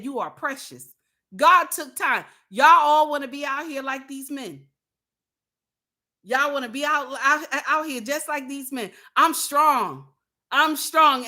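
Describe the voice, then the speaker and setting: A woman livestreaming casual commentary, speaking straight to her chat. Her voice sits high and has a bright, sharp edge. She hammers her points bluntly and repeats lines for emphasis, like a preacher. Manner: addresses viewers and chat directly. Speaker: livestream host.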